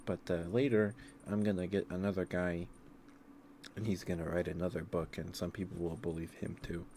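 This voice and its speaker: A man voicing a breezy, offhand God who talks down to the listener a little, raised above his own low voice. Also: flat delivery, moderate pace, warm tone, slight background noise. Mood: casual, offhand. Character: breezy, casual God speaking to Moses.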